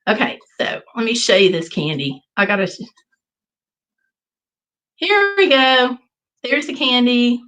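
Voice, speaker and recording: A woman hosting a casual livestream, telling a travel story in an animated way and reading viewer comments aloud. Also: fairly high pitch, unhurried, pauses often, poor audio. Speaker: livestream host. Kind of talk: casual live chat.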